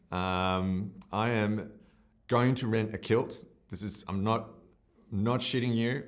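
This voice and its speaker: A very deep-voiced Australian man speaks in a festival interview about his film. He gushes and rambles, often stopping to restart a thought. His tone is openly emotional and self-deprecating. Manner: effusive, rambling, with frequent fillers and restarts. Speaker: film director.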